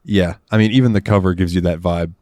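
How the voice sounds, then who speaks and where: Deep-ish man, rambling crude storyteller, dry close sound, casual podcast. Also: fairly even intonation, fast talker, warm tone, no room sound. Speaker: podcast guest or co-host. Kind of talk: casual chat over drinks.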